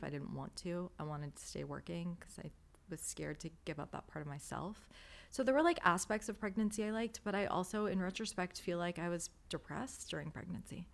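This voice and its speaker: A woman's voice: sits low, creaky. A woman in her thirties, a podcast guest, telling a candid, emotional story with many fillers.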